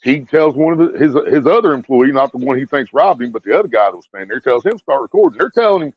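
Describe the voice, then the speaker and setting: A man's voice: mid-range voice, lively intonation, fast talker, slightly rough, dry recording. A man ranting bluntly to his viewers with heavy swearing, repeating himself as he talks, on a dull lo-fi recording. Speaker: video streamer. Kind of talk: profane ranting commentary to viewers.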